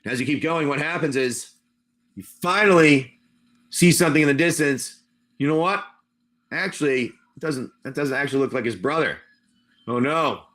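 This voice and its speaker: A man's voice: on the high side, moderate pace, a bit bright. A man improvising tabletop game narration on a live stream as game master. He rambles and corrects himself as he goes. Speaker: game master and livestream seller.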